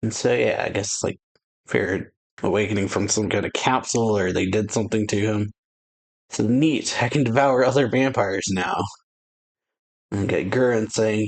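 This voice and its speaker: A man's voice: on the low side, normal speed. A man hosting an anime reaction channel, casually retelling a manga chapter in a rambling, chuckling way full of fillers.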